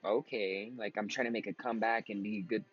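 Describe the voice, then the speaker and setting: A man's voice: lowish voice, little pitch movement, fast talker, slightly rough, dull audio, faint music behind. A tired young man in his twenties giving rambling, casual commentary while playing a computer game, swearing often and breaking into sudden outbursts. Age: 20s. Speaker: gaming vlogger.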